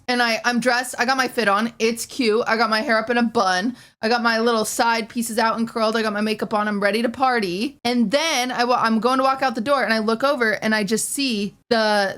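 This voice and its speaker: A young woman casually telling a frustrating personal story, talking fast and exasperated, swearing and acting out what others said. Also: fairly high pitch, a bit bright.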